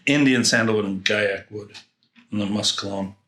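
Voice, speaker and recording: A man's voice: fairly low pitch, moderate pace, sharp tone, roomy sound. A man reviewing fragrances in a casual unboxing, rambling and thinking aloud with frequent restarts.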